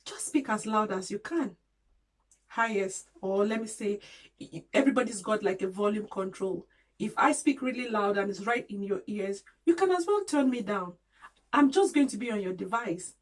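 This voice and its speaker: A woman's voice: medium pitch, lively intonation, normal speed, low-quality recording. A woman vlogger giving an earnest, encouraging talk to camera, loosely spoken with restarts and small grammar slips, repeating her points for emphasis.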